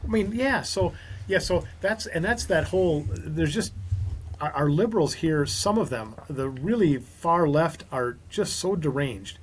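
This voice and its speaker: A man, a small business owner from Minnesota, talking as a podcast guest and telling lively stories with quoted dialogue. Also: on the high side, measured pace, a little hiss or hum. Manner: animated storyteller, quotes others in dialogue. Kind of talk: casual podcast conversation.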